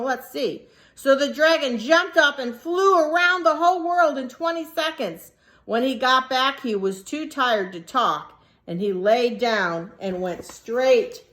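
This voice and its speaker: A teacher reading a picture book aloud to young children, animated and stopping to ask them questions. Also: female voice, a little high. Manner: animated, asks the listeners questions.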